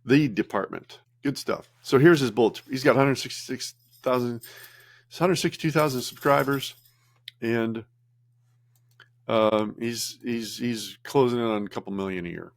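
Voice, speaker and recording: A man's voice: medium pitch, a little slow. A man casually recapping workshop notes while sharing his screen, rambling and correcting himself as he goes. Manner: rambling, self-correcting, chatty. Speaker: business vlogger.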